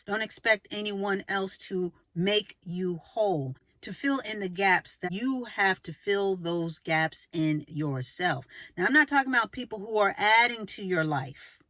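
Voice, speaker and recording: A woman's voice: a bit bright, no echo. A woman giving relationship advice in a casual monologue to camera, emphatic and preachy, full of rhetorical questions. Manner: acts out short quoted lines with exaggerated pitch jumps.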